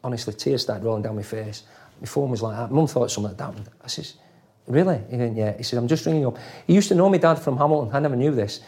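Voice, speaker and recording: Casting: middle-aged man, mellow voice, lively raconteur who acts out quotes. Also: mid-range voice, quick pace. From England, raised in Leeds. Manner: animated storyteller acting out quoted voices, swears freely. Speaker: former footballer guest. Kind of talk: casual storytelling interview.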